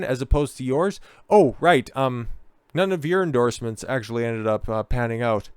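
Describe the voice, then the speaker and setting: A man's voice: medium pitch, lively intonation, normal speed, clean tone, dry recording. A man hosting a political commentary video, ranting in a heated, sarcastic and profane way.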